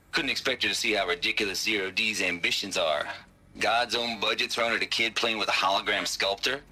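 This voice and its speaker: A man's voice: lowish voice, bright, forceful tone, slight background noise. An actor playing a sardonic, cocky male hacker in a game audio log, talking in a scoffing, mocking way. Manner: sarcastic, scoffing, mock-childish asides.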